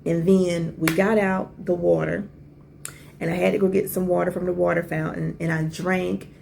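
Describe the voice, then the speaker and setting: A woman in her forties hosts a podcast and tells a personal story in casual conversation. Her voice sits low and strongly gravelly, with a dark, mellow tone. She talks with lively asides and keeps asking the listener questions. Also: moderate pace, slight background noise. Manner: animated, conversational, with many asides and rhetorical questions. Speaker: podcast host.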